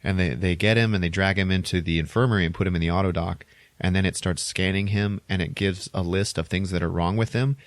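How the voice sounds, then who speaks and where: A man hosting a podcast, casually retelling a movie plot in an animated, rambling way with sound effects. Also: low voice, fast, no echo. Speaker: podcast host.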